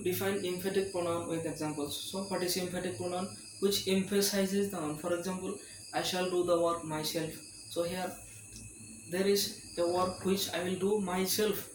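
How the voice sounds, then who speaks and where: A male tutor giving an exam-prep lecture, reading questions aloud and reassuring students in a repetitive way. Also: sits high. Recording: roomy, distant mic with loud insect noise.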